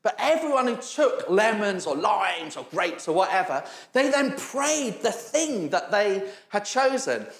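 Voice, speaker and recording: Animated preacher in an echoey hall. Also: male voice, high voice, unhurried, hardly any pauses. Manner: storytelling, acts out quoted voices, laughs often. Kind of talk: sermon with humorous stories. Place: church hall.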